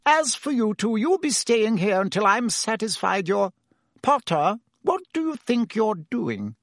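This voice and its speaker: A man reading aloud and voicing a brisk, stern middle-aged school nurse who fusses over her patients. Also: high-pitched, very animated, no room sound, studio quality, voice pushed up, exaggerated voice. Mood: insistent. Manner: fussy, insistent, easily flustered.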